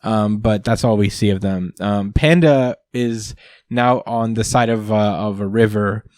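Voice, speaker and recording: A man's voice: fairly low pitch, measured pace, darkish tone, no echo. A man casually recapping a comic chapter on a podcast, rambling with lots of ums and uhs and frequent laughter. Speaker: podcast host. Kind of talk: casual manga recap chat.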